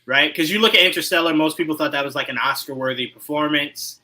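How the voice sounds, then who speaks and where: A man hosting a casual podcast chat, animated and laughing often, dropping to low asides and jumping to loud outbursts. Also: fast talker, low-quality recording. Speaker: podcast host.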